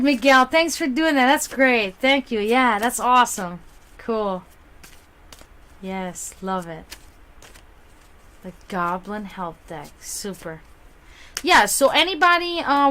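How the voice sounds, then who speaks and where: A woman speaks English with a German accent that carries a faint Slavic touch, in a slightly raised pitch. She chats casually and bubbly as a livestream host, her pitch and loudness leaping up and dropping low. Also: a little hiss or hum. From half German, half Serbian. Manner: chatty, bubbly, quick swings in pitch and loudness. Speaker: psychic reader and livestream host.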